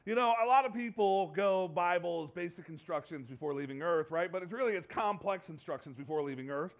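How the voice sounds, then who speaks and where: A man's voice: sits high, fairly quick, few pauses, muffled recording. A man preaching a sermon, asking the congregation rhetorical questions and acting out what people say. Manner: animated, rhetorical questions, acts out quoted voices. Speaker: pastor.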